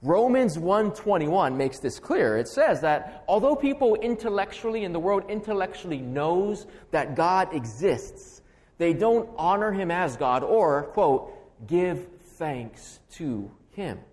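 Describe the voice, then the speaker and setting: A man's voice: high voice, big pitch swings, a little slow, a little mellow, in a large hall. A man preaching an expository sermon as pastor, emphatic and building through stacked, repeated phrases.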